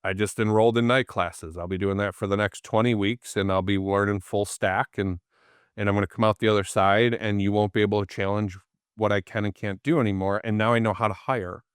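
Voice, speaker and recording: A man's voice: fairly low pitch, fairly quick, clear, resonant tone, dry recording, studio quality. A man, the guest in a casual interview, tells anecdotes and acts out the people in them. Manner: animated storyteller, acts out quoted people.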